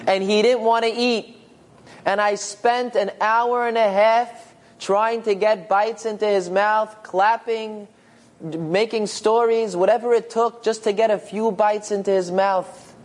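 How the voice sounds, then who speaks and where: A man voicing an elderly father reading his own diary, tender and soft-spoken. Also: sits high, steady tone, a little slow. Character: gentle loving elderly father.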